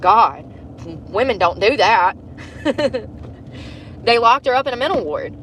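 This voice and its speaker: A woman's voice: a little high, expressive, unhurried, a bit bright, slight background noise, low-quality recording. Chatty, blunt woman livestreaming. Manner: chatty, blunt, laughs often, acts out quotes. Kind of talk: casual chat.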